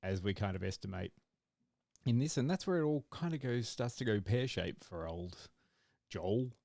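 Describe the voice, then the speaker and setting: Rambling low-voiced man chatting. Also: moderate pace, creaky, no echo, clean studio sound. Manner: rambling, animated, acts out his own reactions. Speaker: podcast co-host. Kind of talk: casual chat.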